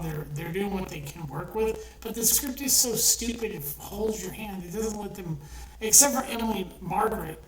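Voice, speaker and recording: A woman giving a blunt, profane, exasperated movie review with lots of restarts. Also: medium pitch. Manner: blunt, swears often, exasperated ranting with restarts. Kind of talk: ranting casual film review. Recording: echoey room, voice a bit far from the mic, faint noise.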